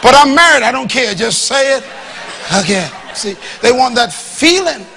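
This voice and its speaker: Animated high-voiced man preaching. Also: normal speed, creaky, slight background noise. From Bahamas. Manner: animated preaching, swings from loud to hushed; acts out quoted dialogue. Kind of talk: sermon. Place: church hall before a live congregation.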